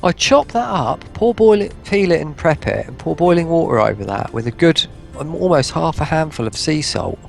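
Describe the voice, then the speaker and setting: A man's voice: a little high, animated, normal speed, creaky, hardly any pauses, soft background music. A man, a guest on a stream, chatting in a rambling, teasing way and laughing at his own jokes. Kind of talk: casual chat.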